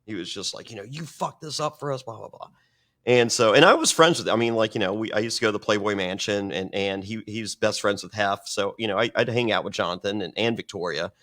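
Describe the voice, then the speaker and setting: This lowish, fairly bright male voice races along with hardly a pause. As a podcast guest, he tells a rambling, profane story, acting out what others said.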